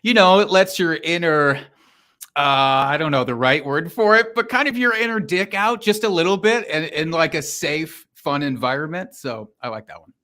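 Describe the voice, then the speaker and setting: Man from Iowa, slightly high, bright voice, joking self-deprecating podcast guest. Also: animated, moderate pace. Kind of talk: casual podcast interview.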